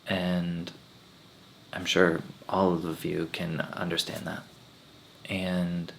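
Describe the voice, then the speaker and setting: Deep-voiced yet fairly bright in tone, this swami leads a satsang over a little hiss or hum. He shares heartfelt stories from his own life and imitates his teacher's voice when quoting him.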